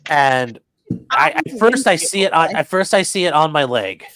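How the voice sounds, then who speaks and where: Male host, casual storyteller, rambling and animated, dry close mic. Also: a little high, moderate pace, creaky, dry recording. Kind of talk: casual chat on a group video call.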